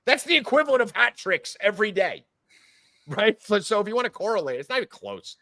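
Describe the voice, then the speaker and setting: A man hosting a sports podcast, ranting loudly and emphatically with lots of swearing in a heated argument. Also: high-pitched, sing-song, brisk, dry recording, studio quality. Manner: loud, profane, emphatic ranting. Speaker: podcast host.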